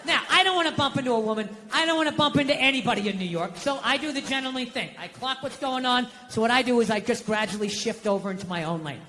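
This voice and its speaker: An American stand-up comedian performs a loud, profane, ranting set, talking fast with few pauses. He swings between shouting and low muttering.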